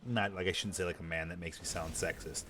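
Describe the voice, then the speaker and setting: A man's voice: low voice, steady tone, fast talker, sharp tone, slight background noise. A man chatting casually while streaming a game, rambling and swearing freely in a laid-back way. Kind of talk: casual chat while gaming.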